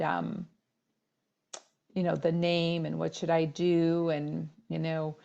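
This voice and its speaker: Gravelly-voiced middle-aged woman podcaster. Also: lowish voice, a little mellow, highs cut off. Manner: candid, personal storytelling with frequent fillers. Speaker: podcast host. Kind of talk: casual solo podcast monologue.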